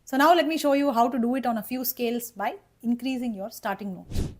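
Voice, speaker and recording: Woman voice teacher, fairly high pitch, step-by-step instructional delivery. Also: quick pace, a little mellow. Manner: checks in with "okay?" and "right?"; explains patiently, step by step. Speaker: voice coach. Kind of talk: instructional singing lesson.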